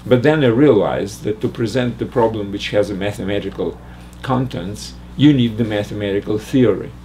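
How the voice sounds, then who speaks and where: Low-voiced older man lecturing. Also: warm tone, a little hiss or hum. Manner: halting, restarts and fillers while reasoning aloud. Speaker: math lecturer. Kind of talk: explaining a logic puzzle.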